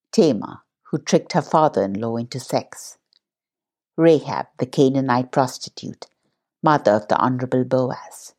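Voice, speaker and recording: Female meditation host: very low, husky voice, unhurried and calm guidance. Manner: slow, calm, measured delivery. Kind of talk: guided Christian meditation.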